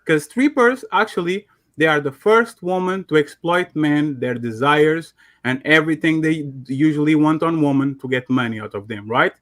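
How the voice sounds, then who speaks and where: Accented male caller, raised pitch, persistent and confrontational. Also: moderate pace, a bit bright. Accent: foreign accent. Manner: pressing, argumentative.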